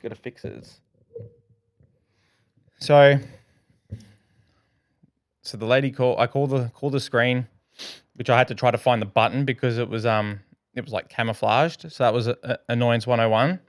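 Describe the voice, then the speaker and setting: An Australian man co-hosting a podcast, telling a story in an animated, swearing way and acting out his own lines. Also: medium pitch, normal speed, long pauses, dry recording, studio quality. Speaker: podcast co-host. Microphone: podcast microphone.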